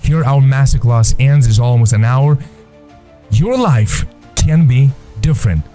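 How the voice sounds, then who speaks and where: A man teaching a faith-based motivational masterclass, emphatic and repetitive, with slow deliberate phrasing. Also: mid-range voice, expressive, warm tone, soft background music.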